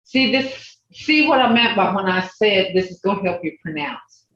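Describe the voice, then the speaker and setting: An older woman teaching an online language class, patiently repeating words slowly for her learners. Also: medium pitch, lively intonation, a bit bright, distant mic. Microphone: video call. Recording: roomy lo-fi video call audio from off-mic.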